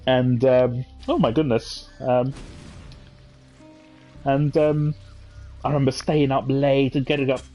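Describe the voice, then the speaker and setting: A man's voice: medium pitch, level tone, slow, long pauses, warm tone, faint music behind. A man, chatting casually and reminiscing over gameplay with many fillers and asides. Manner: rambling, nostalgic storytelling with many fillers. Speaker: gaming channel host.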